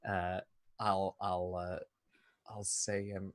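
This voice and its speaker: Brief: male player, casual and laughing, mid-pitched, with a dry, close-miked sound. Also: moderate pace, fairly bright tone, dry recording. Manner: laughing, with hesitant fillers. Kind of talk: tabletop role-play chat.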